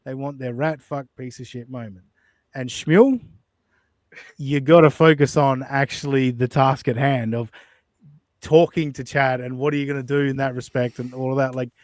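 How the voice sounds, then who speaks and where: A man's voice: medium pitch, darkish tone, dry recording. A man hosting a casual commentary podcast, blunt and profane as he talks. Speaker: podcast host.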